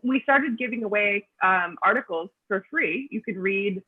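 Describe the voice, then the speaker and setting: A chatty woman author answers questions over a video call, her voice slightly husky and squeezed through a thin, phone-like line. She rambles through her stories with plenty of ums and restarts. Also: medium pitch, moderate pace. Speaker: guest author. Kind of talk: casual storytelling answers.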